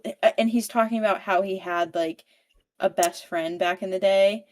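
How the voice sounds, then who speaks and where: A woman podcast co-host recaps a book in casual chat, rambling and using "like" constantly. Her mid-range voice is steady and darkish in tone, at a normal speed.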